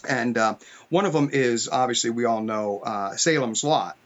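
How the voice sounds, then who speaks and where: A man's voice: medium pitch, normal speed. A man from upstate New York, an author guest telling stories in a rambling, filler-heavy podcast chat. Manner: rambling storyteller with many fillers. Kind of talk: casual podcast conversation. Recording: muffled lo-fi audio.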